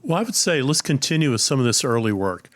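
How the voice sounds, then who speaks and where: Lively male podcast host. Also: mid-range voice, quick pace. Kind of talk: interviewing.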